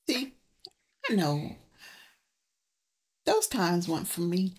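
A woman hosting a reaction video, talking casually with loud emphatic exclamations. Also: lowish voice, big pitch swings, very slow, long pauses, breathy edge.

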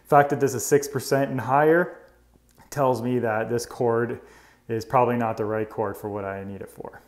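A man's voice: medium pitch, fairly even intonation, moderate pace. Man, electrician, casual tool demo, chatty, step-by-step explaining, indoors. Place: indoors in an old house.

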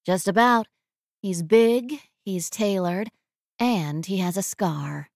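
A woman voicing a sardonic young woman with a dry, deadpan wit. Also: medium pitch, takes it slowly, gravelly, no room sound. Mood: wry.

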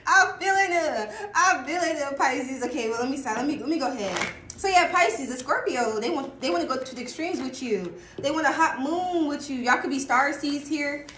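A high-voiced woman reads tarot in a loose, chatty way. She gets excited, laughs a lot and sometimes sings a line. The room is echoey, with a faint hum of noise behind her. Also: moderate pace, few pauses. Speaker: tarot reader. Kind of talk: casual tarot reading livestream.

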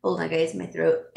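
Her voice is deep and darkish with vocal fry: a middle-aged woman, a home stager who vlogs, sniffling and teary as she reads viewer comments. The chat is casual, full of fillers and laughter, recorded in an echoey room.

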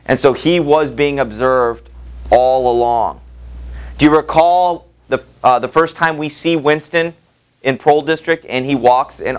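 A man's voice: mid-range voice, measured pace, clear, resonant tone, low-quality recording. A male teacher giving a literature lecture, reading passages aloud and asking the class rhetorical questions in a conversational way.

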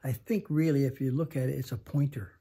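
A man in his nineties telling a story slowly, halting with many pauses and restarts. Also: mid-range voice, fairly even intonation, dark tone, slightly rough. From United States. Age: 90s. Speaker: interview guest. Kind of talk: reflective storytelling. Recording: home interview.

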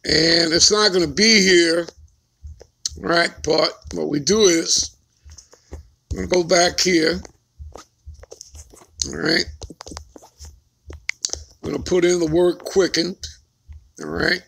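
Male preacher, scripture teaching, emphatic, constant check-in questions, high and bright. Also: steady tone, slow pace, creaky, long pauses, slight background noise. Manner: emphatic, keeps asking "all right?" and "okay?".

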